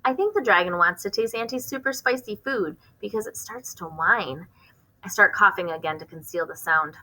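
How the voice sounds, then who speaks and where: A woman reading a children's novel aloud, expressive, with occasional stumbles and rereads. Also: medium pitch, moderate pace, rough recording. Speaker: reader hosting a book channel.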